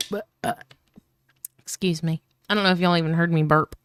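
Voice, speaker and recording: A woman's voice: on the low side, fairly even intonation, unhurried, fairly bright tone, smooth. A woman streamer giving casual, joking gaming commentary, loose and profane. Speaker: streamer playing a visual novel.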